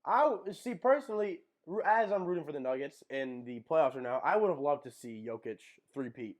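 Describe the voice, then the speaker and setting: A man's voice: a little high, lively intonation, a little fast. Young man, hesitant sports chat. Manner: hesitant, lots of um and uh. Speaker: podcast co-host.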